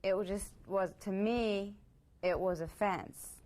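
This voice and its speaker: An actress playing a defensive, earnest teenage girl who explains herself haltingly in a role-played mediation. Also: medium pitch, steady tone, darkish tone, lightly acted. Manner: halting, earnest, full of fillers. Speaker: young offender in mediation.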